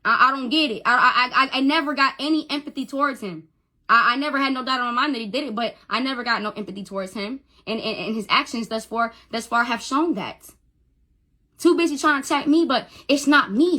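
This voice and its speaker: A woman's voice: high-pitched, brisk, pushed and bright. A young woman on a phone livestream, talking emotionally, stammering, repeating herself and swearing. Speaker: social media livestreamer.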